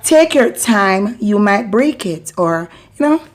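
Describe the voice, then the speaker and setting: An adult Jamaican mother hosts her own channel, giving a relaxed patois lesson mixed with devotional talk. Her medium-pitched voice is expressive and unhurried, and she laughs often while sliding between patois and English.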